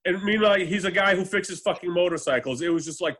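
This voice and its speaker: Rambling, higher-voiced man chatting about movies. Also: fast talker, fairly bright tone. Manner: rambling, lots of fillers and restarts, swears. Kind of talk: casual chat.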